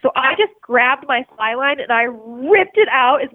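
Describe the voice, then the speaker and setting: A woman telling an animated, casual story, full of "like" fillers and swearing freely. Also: high-pitched, moderate pace. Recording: tinny dry phone line.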